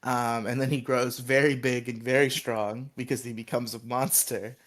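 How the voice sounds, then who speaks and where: A man's voice: mid-range voice, level tone, normal speed, fairly bright tone. A man co-hosting a podcast, recapping a TV episode in a rambling, giggly way with lots of fillers. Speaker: podcast co-host.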